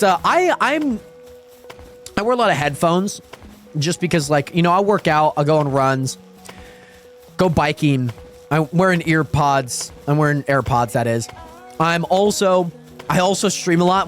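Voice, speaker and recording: High, lively young man streaming games. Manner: chatty, addresses viewers constantly, yelps excitedly during fights. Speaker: live streamer. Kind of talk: casual gaming livestream chat. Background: faint dance pop music.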